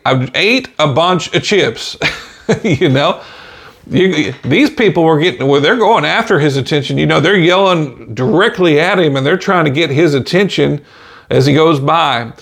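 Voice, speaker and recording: A man's voice: on the high side, normal speed, vocal fry, breathy edge. A man preaching an informal podcast sermon in a folksy way, dropping in "amen" and "you know" and chuckling between points.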